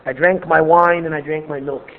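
An earnest man gives a Torah class, expressive and prone to restarting phrases. His voice sits fairly high. The recording is thin and tinny, like a phone line. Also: normal speed. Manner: earnest, expressive, repeats words when restarting. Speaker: Torah teacher.

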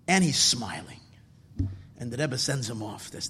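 A man telling a story in a sermon, earnest and emphatic, with halting restarts. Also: medium pitch, animated, breathy edge, in a large hall.

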